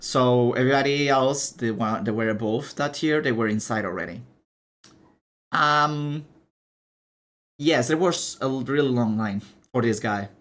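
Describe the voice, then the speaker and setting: A young man chatting casually on a live stream, animated and chatty, swearing and laughing as he shows off items. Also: medium pitch, unhurried.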